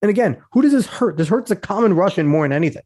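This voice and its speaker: A man's voice: high voice, lively intonation, fast, darkish tone. A man hosting a podcast, reading a news article aloud and breaking off into blunt, profane, sarcastic commentary. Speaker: podcast host.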